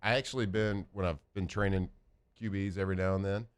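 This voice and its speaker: A man's voice: low-pitched, fairly even intonation, fast talker, smooth. A man co-hosting a sports radio show in casual, joking chat. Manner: laid-back, joking, trails off and restarts. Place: radio studio.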